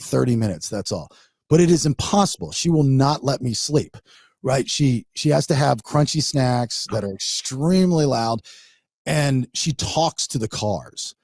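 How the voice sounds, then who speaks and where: A man's voice: medium pitch, normal speed, creaky, husky, no room sound, studio quality. A man hosting a podcast, telling a funny story in a casual, rambling way. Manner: rambling, animated, acts out his wife in quotes. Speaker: podcast host.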